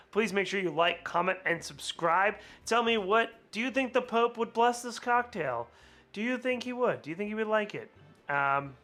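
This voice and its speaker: With a high, somewhat bright voice, this man runs a laid-back cocktail vlog while a bit hungover. He chats, laughs frequently, and drifts into rambling asides.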